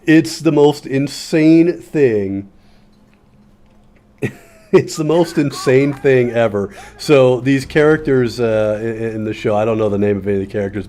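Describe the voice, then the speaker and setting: A man's voice: on the low side, dark tone. A man giving casual, rambling commentary while playing a shooting game, telling a story with a sardonic edge and lots of fillers and restarts. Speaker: gaming video host. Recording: faint gunfire and game noise behind. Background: game gunfire.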